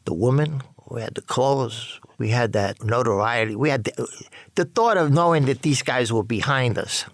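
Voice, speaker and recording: Gravelly older New man. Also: mid-range voice, no echo, clean studio sound. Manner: rambling, profane, halting with many restarts. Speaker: interviewee. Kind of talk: personal storytelling.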